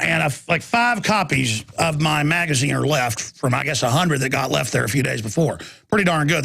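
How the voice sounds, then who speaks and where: A man's voice: fairly high pitch, creaky, a bit bright. A man hosting a radio talk show, telling a long rambling story in a ranting monologue. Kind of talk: ranting monologue with mocking impressions.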